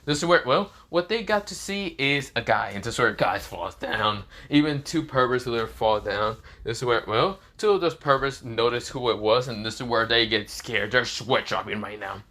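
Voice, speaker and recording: A man's voice: mid-range voice, lively intonation, moderate pace, hardly any pauses, bright, forceful tone. A man casually narrating a fan-fiction story, rambling with many fillers and swearing now and then.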